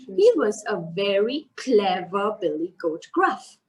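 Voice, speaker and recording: A woman narrating a children's story live, animated and sing-song, asking her listeners questions. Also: medium pitch, takes it slowly, few pauses, rough recording.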